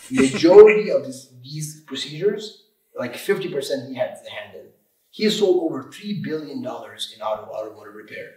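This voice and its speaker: A man's voice: medium pitch, lively intonation, normal speed, darkish tone. A man in his thirties, an auto shop owner and guest, talking emphatically in a casual podcast interview and repeating himself as he goes. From Michigan, USA. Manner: emphatic, repeats words, restarts often. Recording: roomy room, distant mic.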